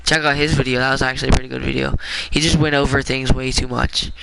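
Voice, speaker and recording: A young man with a raspy, smoker-like voice, giving rambling, offhand commentary while streaming a game. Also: medium pitch, level tone, fast, bright, forceful tone, dry recording, low-quality recording. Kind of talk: casual gameplay commentary.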